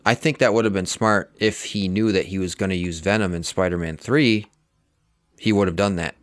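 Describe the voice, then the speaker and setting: Deep-voiced man co-host, measured recaps, dry close sound. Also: fairly even intonation, no echo. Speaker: podcast co-host. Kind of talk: casual chat.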